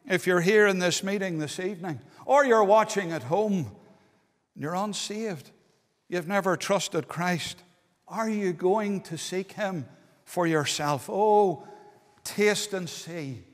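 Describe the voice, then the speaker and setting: A man's voice: high-pitched, takes it slowly. A man preaching an earnest, pleading evangelistic sermon in a meeting hall, dwelling on key words. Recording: long hall reverb.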